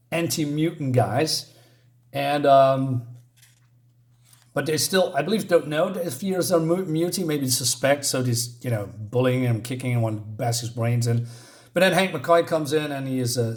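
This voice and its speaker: A man casually reviewing a comic book, talking in a halting, rambling way with many restarts. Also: mid-range voice.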